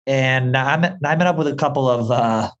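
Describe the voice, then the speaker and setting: A young man from the Boston area co-hosting a podcast, retelling stories with a teasing, animated delivery. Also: mid-range voice, moderate pace, highs cut off. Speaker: podcast co-host. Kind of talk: casual chat.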